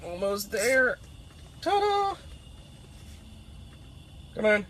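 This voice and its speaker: A man's voice: high voice, very animated, drawn-out words, fairly bright tone, a little hiss or hum. A man doing playful live commentary while ice fishing outdoors on a frozen pond, teasing the fish as he talks.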